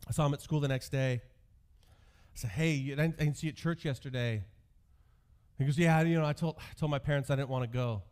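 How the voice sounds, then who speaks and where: A man's voice: medium pitch, a little fast, darkish tone, clear, resonant tone. A male pastor in his thirties giving a sermon, telling stories from his youth with self-deprecating humor.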